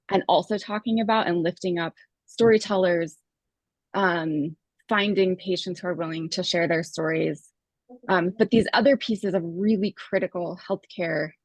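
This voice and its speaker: A woman's voice: lowish voice, no echo. A woman talking on a video call while walking on a treadmill, a little out of breath, chatting casually about her work. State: slightly out of breath. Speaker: communications staffer at a health care provider. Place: home with a treadmill.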